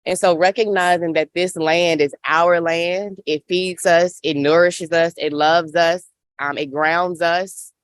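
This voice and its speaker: Speaking on a farm panel inside an outdoor hoop house, this thirtysomething Memphis woman has a Southern accent and a passionate, preacher-like rhythm. Her lowish voice sounds clear and resonant, its intonation fairly even and its pace measured.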